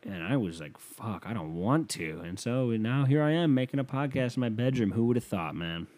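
A man's voice: medium pitch, animated, a little fast, mellow. A young man hosting a podcast from his bedroom, talking in a rambling, profane, self-mocking monologue. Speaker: podcast host. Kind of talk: casual solo podcast monologue.

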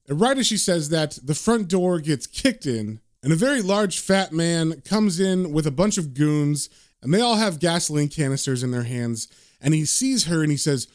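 A man's voice: on the high side, animated, a little fast, darkish tone. A chatty man recapping a comic. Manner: chatty and conversational. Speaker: comic book reviewer.

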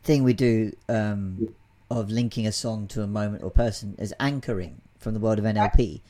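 A man's voice: fairly low pitch, normal speed, mellow. A man hosting a podcast interview, summing up his guest's story in a reflective, affirming way with hesitant fillers. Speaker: podcast host. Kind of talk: conversational interview.

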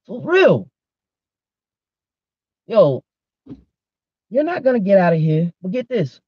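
Podcast guy ranting, swearing a lot, husky voice, pitch all over the place. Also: takes it slowly, long pauses, no room sound, muffled recording. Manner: profane, animated, talks straight to listeners. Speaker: podcast host. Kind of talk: casual rant.

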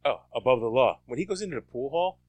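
A man in casual chat, recalling details haltingly and repeating words. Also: medium pitch, lively intonation, darkish tone, dry recording.

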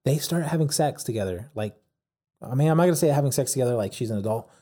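Very dark-voiced man rambling a story. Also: medium pitch, lively intonation, fast. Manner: rambling, many fillers like "like" and "yada yada". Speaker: storyteller recapping a documentary. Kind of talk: casual chat.

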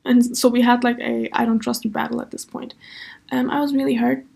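A woman's voice: a little high, level tone, brisk, gravelly, a little mellow, breathy edge. A young woman hosting a podcast, chatting casually through a personal story with lots of fillers. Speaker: podcast host.

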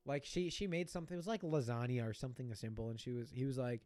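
A young man in casual chat, animated and laughing, often breaking into silly voices. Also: mid-range voice, fast talker, no echo, studio quality.

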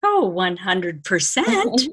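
A woman guest giving spiritual advice in a measured, soothing way, repeating words for emphasis. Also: medium pitch, sing-song, fairly bright tone, slightly rough. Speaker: podcast guest, spiritual teacher. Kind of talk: calm guidance in conversation.

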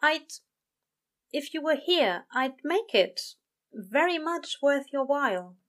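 A woman's voice: high voice, big pitch swings, takes it slowly, a bit bright, pitched above the performer's own voice, exaggerated voice. A woman voicing a tipsy, eager male angel who stumbles over his words. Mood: tipsy confident.

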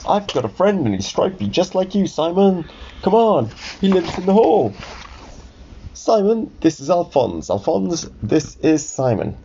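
A man's voice: a little high, huge pitch swings, measured pace, creaky, hardly any pauses, mellow, dull audio, a little hiss or hum, voice pushed up, full character voice. A man voicing an eager, helpful teddy bear in a storybook reading, upbeat and encouraging.

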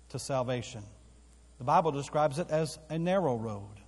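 A man's voice: mid-range voice, animated, moderate pace, darkish tone, husky. A man preaching a sermon as pastor in a church auditorium, with emphatic repetition that builds in force. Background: live congregation hall.

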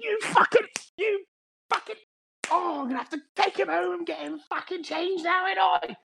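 A man putting on the voice of his furious mother scolding her muddy young son, shrill and shouting with a Cockney-ish English accent. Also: moderate pace, gravelly, slight background noise, heavily acted. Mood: exasperated.

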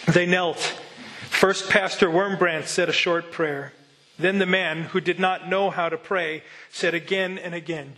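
A male preacher delivers an earnest sermon. His voice sits a touch high, and his tone is bright and forceful as he builds toward rhetorical questions. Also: fairly even intonation, unhurried, poor audio. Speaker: pastor.

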